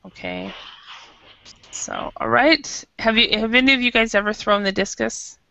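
A woman teaching an English class over a video call, explaining patiently and slowly with many fillers. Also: fairly high pitch, gravelly, pushed and bright, dry recording. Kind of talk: online English lesson. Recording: dull lo-fi video call audio.

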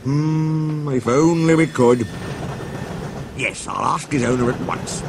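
A man voicing a kindly, middle-aged male railway boss who speaks gently and reassuringly. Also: on the high side, takes it slowly, gravelly, noisy background, pitched above the performer's own voice.

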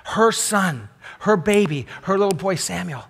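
A man preaching a sermon as a pastor, telling a story earnestly, repeating phrases and dropping his voice low for emphasis. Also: lively intonation, unhurried, creaky, husky. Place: college chapel. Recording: long hall reverb.

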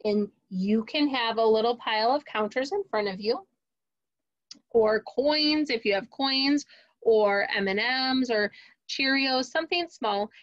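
Slow-talking woman teaching young kids. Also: on the high side, dry recording, muffled recording. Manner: slow, clear, encouraging teacher talk to kids. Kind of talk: remote phonics lesson for young children.

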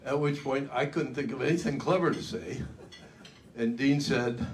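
A man's voice: mid-range voice, fairly quick, creaky, a little hiss or hum. An older man giving a luncheon keynote, telling his story in a folksy, dramatic way with self-mocking humor. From United States. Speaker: keynote speaker. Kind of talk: storytelling speech. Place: luncheon event hall.

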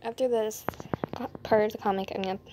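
A woman's voice: mid-range voice, fairly even intonation, brisk, noisy background. A woman chatting informally between scenes as she reads out a comic. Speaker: comic dub reader. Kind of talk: casual narration.

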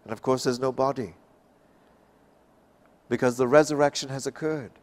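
A man from Canada giving an expository Bible talk, slow and emphatic, rising and falling for effect. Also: mid-range voice, fairly even intonation, darkish tone. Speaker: Bible class speaker.

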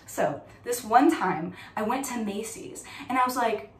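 A woman's voice: fairly high pitch, animated, measured pace. A woman playing a giddy young woman who chats breezily about her imaginary celebrity friend, in an audition monologue. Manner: chatty, breezy, full of fillers. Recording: echoey room, mic at a distance.

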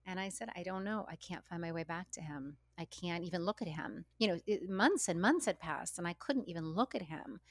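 A middle-aged woman, appearing as an author guest in an interview, talks candidly and reflectively, often halting and repeating words while she thinks. Her voice sits on the low side and is expressive, captured as clean studio sound with no room echo.

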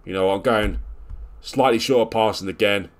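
A man commentating live on his own video game play, scolding and exasperated, lurching from loud outbursts to low grumbling mutters. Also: moderate pace.

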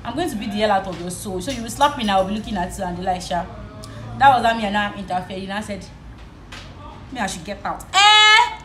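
A young Nigerian woman with a Nigerian accent, vlogging in a casual chat while she does her makeup, telling a story in an animated way. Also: medium pitch, fast, echoey room, faint music behind, rough recording. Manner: animated storytelling, switching between English and Yoruba.

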